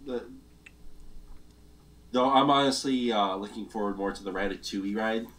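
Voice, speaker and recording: A man in a casual chat, speaking hesitantly with halting uhs. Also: fairly low pitch, a bit bright.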